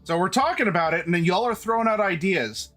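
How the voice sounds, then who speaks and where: A man hosts a live stream, talking casually and directly to his viewers, often restarting mid-sentence. His voice sits high and sounds bright and forceful. Faint music plays behind him. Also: expressive, fast talker. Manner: chatty, restarts often, addresses chat directly. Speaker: streamer host.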